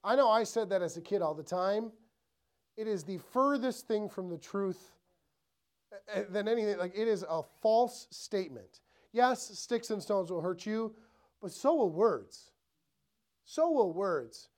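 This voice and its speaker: A man's voice: high voice, animated, unhurried, darkish tone. A male pastor preaching a sermon in a church, talking conversationally and asking the room rhetorical questions. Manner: acts out inner thoughts in quoted voices.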